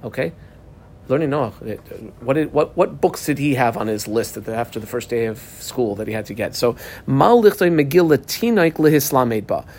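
A man teaching a Talmud class in a halting way, restarting his sentences and telling students which words to underline and mark. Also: medium pitch, animated, darkish tone.

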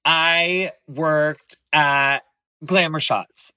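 A man chatting casually on a podcast in an animated, camp, playful way. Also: on the high side, very slow, smooth. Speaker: podcast guest and host.

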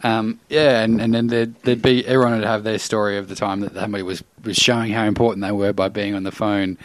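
A man's voice: on the low side, fast talker, no echo. A man hosting a casual chat, reading out questions and chatting easily. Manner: relaxed, reads questions, agreeable. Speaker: podcast host. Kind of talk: casual banter.

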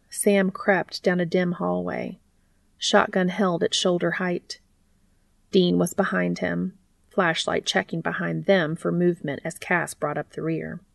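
A woman narrating fan fiction aloud in a steady, measured storytelling manner. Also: on the low side, gravelly, dry recording.

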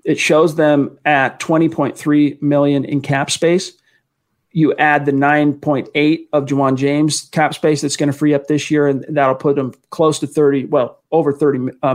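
Chatty guy hosting a football podcast stream, voice a bit on the high side, reads out the chat. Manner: chatty, answers fan questions, reads chat aloud. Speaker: podcast co-host. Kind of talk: casual sports talk livestream.

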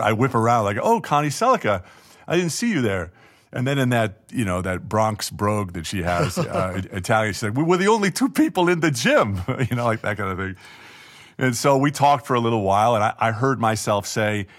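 Chatty self-deprecating man telling a story. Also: fairly low pitch. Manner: chatty, self-deprecating, frequent restarts and laughs. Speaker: guest telling a personal story. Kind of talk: casual storytelling interview.

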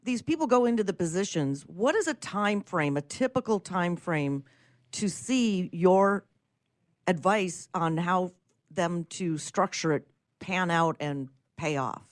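A woman's voice: on the low side, expressive, unhurried, no room sound, clean studio sound. A woman co-hosting a business podcast, asking brief, direct questions. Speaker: podcast co-host.

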